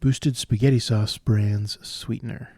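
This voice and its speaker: A man solving cryptic crossword clues out loud, thinking through each one and explaining the wordplay as he goes. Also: fairly low pitch, fairly even intonation, measured pace, no room sound, clean studio sound. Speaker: puzzle solver.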